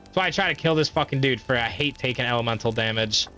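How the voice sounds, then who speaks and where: A man's voice: medium pitch, fast. A young man casually commentating his own gameplay, swearing often and trash-talking enemies. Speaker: gaming streamer. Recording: faint background game music.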